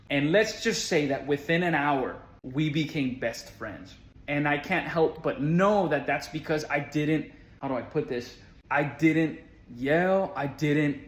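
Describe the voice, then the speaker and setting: A man who works as school support staff, telling a personal story in an earnest, conversational way with casual fillers. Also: fairly high pitch. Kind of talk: storytelling monologue. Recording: roomy echo.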